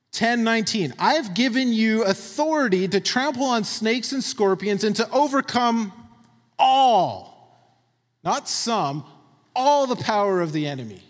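A high-voiced man preaches with a very animated pitch. He talks in an emphatic, conversational way, keeps checking in with his listeners, and his voice carries a long hall reverb. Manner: emphatic, conversational, tags points with "right?". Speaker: pastor. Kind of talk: sermon.

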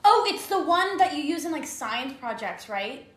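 Woman contestant throwing out unsure guesses, higher voice, roomy echo on her mic. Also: very animated, moderate pace, fairly bright tone. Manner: tentative guessing, thinks aloud. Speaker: quiz contestant. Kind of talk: casual quiz game banter.

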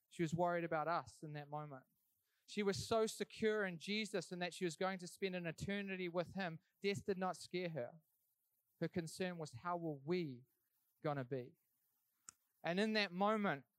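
A man's voice: high-pitched, clean tone, no room sound. A young man telling his life story in an earnest, conversational way, as a church speaker giving testimony. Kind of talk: sermon testimony.

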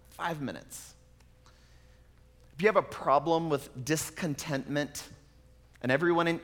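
Man preaching, fairly high voice, casual and conversational, long hall reverb. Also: a bit bright. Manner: conversational, with casual asides and fillers. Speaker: pastor. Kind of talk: sermon.

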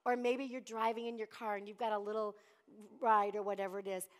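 A woman's voice: medium pitch, steady tone, fairly quick. A middle-aged woman pastor preaching a sermon, calling out to the congregation and acting out voices from the story. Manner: preachy call-and-response, acts out Bible voices.

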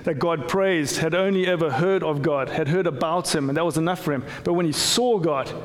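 A man's voice: a little high, fairly quick, long reverb tail. A man preaching a conversational sermon as pastor, with frequent restarts and repeated words. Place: church.

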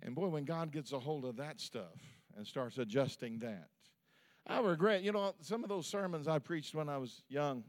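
A man preaching a sermon as pastor, swinging between loud, shouted peaks and quiet, low asides. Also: expressive, moderate pace.

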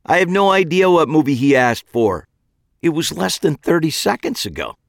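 A man voicing a bored, blank-faced teenage girl selling tickets, speaking flatly. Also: low voice, slow pace, clear, resonant tone, no room sound, clean studio sound, voice pushed up. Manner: flat, blank.

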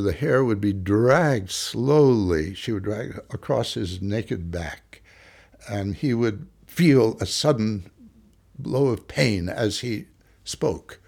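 A theater teacher speaks slowly and reflectively in an interview, pausing on fillers. His low voice has a gravelly, husky edge. The pace is very unhurried throughout. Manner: slow, halting with fillers, reflective. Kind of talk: interview reminiscence.

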